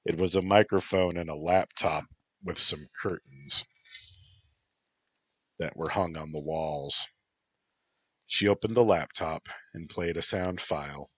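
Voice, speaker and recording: A man reading story narration in a measured, plain way, close to the mic. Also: sits low, steady tone, fairly bright tone, no echo. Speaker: story reader.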